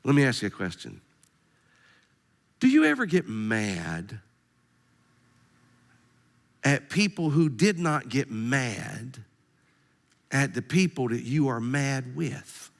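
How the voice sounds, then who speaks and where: Male pastor for a sermon. Lively, joking delivery with direct questions to the congregation, and a pitch that swings widely. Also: slow pace, gravelly, long pauses. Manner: animated, humorous preaching with direct questions.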